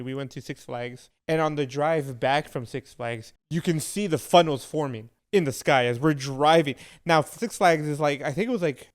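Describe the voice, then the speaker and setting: Male podcast co-host, a touch higher voice, lively anecdotal chatter. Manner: animated storytelling with laughs. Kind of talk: casual chat.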